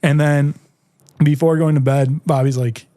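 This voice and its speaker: A man in his twenties, a podcast guest telling stories in casual chat, animated and full of "like" fillers. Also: a little high, unhurried, no echo. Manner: animated storyteller, heavy "like" filler.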